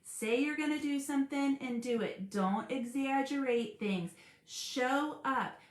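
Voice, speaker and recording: A woman hosting a live stream about school support teams, earnest and animated, laughing often as she talks. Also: high voice, a little slow, echoey room. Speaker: special education advocate hosting a live stream. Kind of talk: casual live-stream talk.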